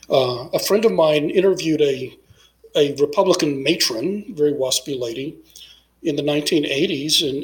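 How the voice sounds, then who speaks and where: A man's voice: on the high side, fairly bright tone, rough recording. A middle-aged man from Texas talking as an interview guest, rambling through his points with many fillers and restarts. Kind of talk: casual interview conversation.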